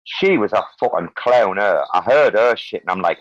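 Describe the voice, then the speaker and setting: A man's voice: on the low side, expressive, moderate pace, no echo, highs cut off. A man hosting a casual online chat, rambling and blunt, swearing freely. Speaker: host. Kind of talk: casual crypto chat on a live audio stage.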